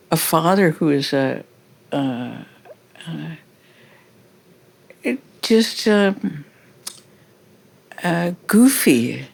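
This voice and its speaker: An American woman speaking as a guest in a casual onstage conversation at a live festival, telling stories in a halting, reflective way. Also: low-pitched, gravelly. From United States. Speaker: interview guest.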